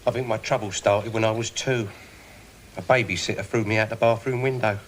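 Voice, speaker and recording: An actor playing a streetwise petty thief in a sitcom, wry and quick with a comeback. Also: male voice, on the low side, steady tone, a little hiss or hum, natural voice. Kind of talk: 1980s sitcom acting.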